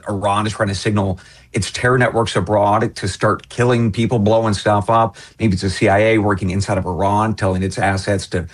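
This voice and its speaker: Husky, joking man in his forties. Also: lowish voice. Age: 40s. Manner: animated, joking, playful. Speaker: guest, former intelligence officer. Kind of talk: casual chat.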